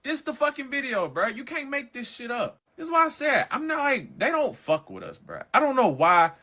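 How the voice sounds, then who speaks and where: A man's voice: very high-pitched, wildly swooping pitch, moderate pace, sharp tone. A man co-hosting a podcast, giving profane, sarcastic commentary with lots of energy. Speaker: podcast co-host.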